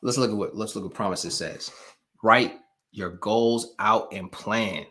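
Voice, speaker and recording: A man's voice: lowish voice, measured pace, a bit bright. A man hosting a live stream, giving a motivational pep talk to his viewers with emphatic, preacher-like repetition and a casual way of speaking to them directly. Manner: casual, talks straight to the audience.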